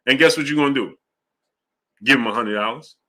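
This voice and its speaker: A man hosting a casual boxing livestream, rambling loosely between fan shout-outs and fight talk. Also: medium pitch, brisk. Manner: loose, rambling, drifts off track. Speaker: host of a live boxing show. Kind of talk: casual livestream chat reading super chats.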